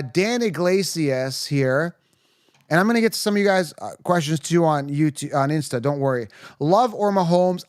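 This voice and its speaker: A fairly high-voiced man runs a late-night livestream Q&A, tired and running on fumes. He rambles fast through viewer questions, restarting sentences and tacking on "okay?". The sound is close and dry. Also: dry recording. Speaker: fantasy football livestream host. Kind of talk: casual livestream Q&A.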